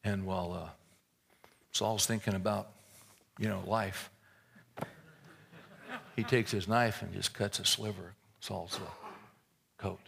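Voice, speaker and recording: Gravelly, forceful folksy preacher man. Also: fairly low pitch, steady tone, takes it slowly, pauses often. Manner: folksy, joking storytelling; repeats words as he restarts. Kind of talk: sermon.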